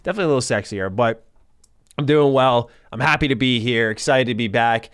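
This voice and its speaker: A man's voice: medium pitch, a little fast, a bit bright, clean tone, no room sound, studio quality. A man hosting a casual podcast, upbeat and chatty, his voice still recovering from illness. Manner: upbeat, chatty, laughs easily. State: recovering voice, occasional cough. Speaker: podcast host.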